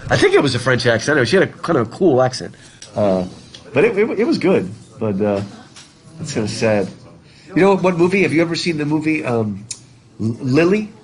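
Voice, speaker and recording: A man teaching a literature class in a loose, rambling way, chatting with students and laughing easily. His voice sits a little higher than most men's. He talks in a classroom, wearing a mask while he records. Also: big pitch swings, fairly quick, low-quality recording. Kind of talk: casual classroom talk. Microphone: masked, recording his own class.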